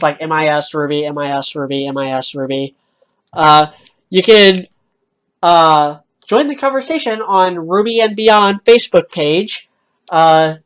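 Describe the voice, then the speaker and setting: A man's voice: high-pitched, clear, resonant tone. A man hosting a casual fan podcast, talking with lots of hesitant fillers. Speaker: podcast host.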